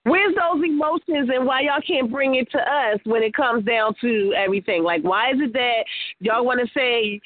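A woman's voice: a little high, moderate pace, dry recording. A woman co-hosting a radio talk show in casual chat, teasing and asking pointed questions. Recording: phone-like narrow band, dry.

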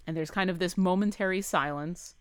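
A woman narrating a tabletop game as game master, describing scenes in a relaxed way with hesitant fillers. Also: fairly low pitch, a little fast, clean tone, no room sound, clean studio sound.

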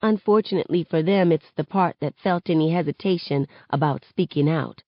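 A woman reading a novel aloud in measured first-person narration for a study session. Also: deep voice, no room sound, dull audio. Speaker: reader in a book study session.

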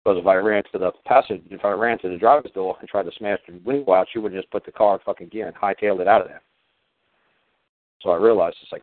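A man tells a story in a loose, rambling monologue, swearing freely and stumbling through many fillers and restarts. His voice sits somewhat low, and it comes through a thin, tinny line that sounds like a phone call. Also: fast talker, no echo. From New York. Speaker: podcast host.

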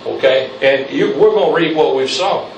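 A man's voice: on the high side, normal speed, recorded from a distance, muffled recording, a little hiss or hum. Fiery preacher man in echoey church. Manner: preaching with rising intensity, calls for amen. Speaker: pastor. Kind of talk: fiery sermon. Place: church sanctuary. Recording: echoey church, mic from afar.

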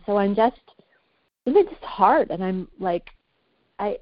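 A woman's voice: mid-range voice, a little slow, dry recording. A woman talking candidly as a podcast guest, reflective and searching for her words. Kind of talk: candid casual conversation. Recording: muffled, dry, lo-fi.

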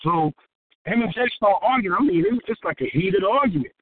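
A man from Houston, a rapper, telling a story in a casual interview, profane and animated, acting out what people said. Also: high-pitched, a little fast, a little hiss or hum. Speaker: rapper and guest. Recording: tinny phone-like dry sound.

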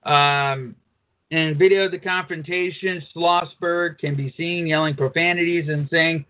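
A man's voice: on the high side, fairly even intonation, a little slow. Blunt talk radio man, phone-line sound. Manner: crude, blunt, reads news aloud with asides. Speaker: radio show co-host. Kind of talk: casual uncensored talk radio. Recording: phone-like narrow band.

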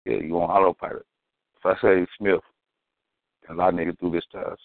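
A man's voice: sits low, level tone, fairly quick, no echo. A man talking in a casual, slangy, emphatic way and telling stories as a co-host. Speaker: podcast co-host. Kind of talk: casual chat. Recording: dry, phone-like lo-fi sound.

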